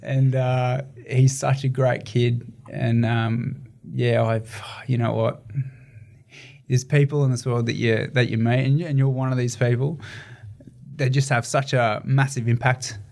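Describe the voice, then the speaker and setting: A man's voice: mid-range voice, flat delivery, measured pace, vocal fry, a little mellow. A young adult man with an Australian accent, talking earnestly in a casual interview with many fillers and restarts. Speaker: guest, ultramarathon runner.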